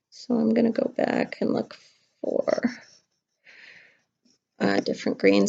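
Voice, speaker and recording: A middle-aged kindergarten teacher chatting playfully to young children during a craft lesson at home. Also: female voice, mid-range voice, vocal fry, a little mellow. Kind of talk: casual craft lesson to camera. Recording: dull lo-fi home video.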